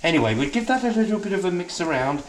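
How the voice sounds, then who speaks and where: A man plays a posh, affected housewife hosting a comedy cooking show, fussing over the stove and calling everyone darling. The voice sits fairly high and swoops about a lot. It rings in a roomy, echoing kitchen. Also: very animated, fast, slight background noise. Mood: posh chatty. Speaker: comic cooking host. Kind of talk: comic drag cooking show. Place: home kitchen.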